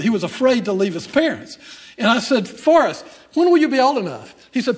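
High-voiced older man preaching a sermon. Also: big pitch swings, a little fast. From Texas. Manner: storytelling, humorous asides, rising emphasis. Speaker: pastor. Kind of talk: sermon with personal story.

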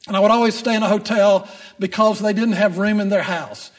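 A man's voice: sits high, fairly even intonation, brisk. An older man, a grandfather, preaching a sermon and telling a humorous family story to make his point. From Texas. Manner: storytelling, humorous asides, rising emphasis. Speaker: pastor.

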